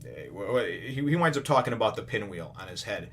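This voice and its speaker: A man's voice: on the low side, big pitch swings, quick pace, a bit bright, slight background noise. A man casually retelling a comic chapter in a review, rambling with lots of "you know" fillers. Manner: retells the story animatedly. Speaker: manga reviewer.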